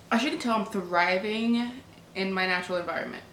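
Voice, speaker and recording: A woman's voice: medium pitch, brisk. Young woman, book vlogger at home, overwrought reactions; echoey room, faint background noise. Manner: emotional, exclaiming, swings from hushed to loud. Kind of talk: reading vlog chatter.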